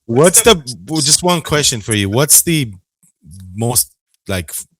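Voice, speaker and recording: A man hosting a casual podcast, easygoing and quick to laugh. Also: mid-range voice, very animated, a bit bright, no room sound. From Armenian heritage. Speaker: podcast host.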